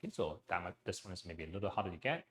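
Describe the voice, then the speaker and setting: A man leading a guided breathing exercise class into his own mic, speaking gently, with frequent "okay" and "um". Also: deep voice, animated, racing, a little hiss or hum. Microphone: personal mic.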